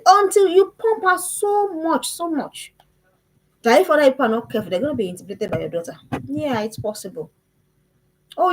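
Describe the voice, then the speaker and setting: A woman teaching a parenting lesson, emphatic and animated, who repeats her phrases and keeps asking the listener questions. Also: medium pitch, slightly rough, poor audio.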